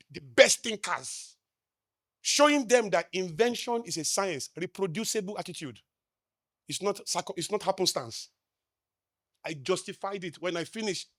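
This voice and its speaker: High-voiced Nigerian man preaching success. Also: dry recording, clean studio sound. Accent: Nigerian English. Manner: emphatic, with rhetorical questions to the crowd; swings between loud declarations and low asides. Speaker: motivational speaker. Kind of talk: live stage talk to an audience.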